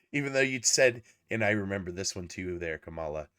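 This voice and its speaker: Male reaction host, profane and indignant, pitch swinging wide. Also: expressive, moderate pace, a bit bright. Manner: indignant, heavy swearing. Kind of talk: casual profane commentary rant.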